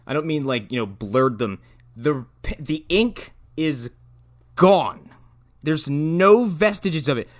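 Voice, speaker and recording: A man's voice: a little high, lively intonation, slow pace. A man co-hosting a casual movie podcast, incredulous and profane as he picks apart a scene. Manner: incredulous, profane, builds to exasperated questions. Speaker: podcast co-host. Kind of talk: casual movie-riffing chat.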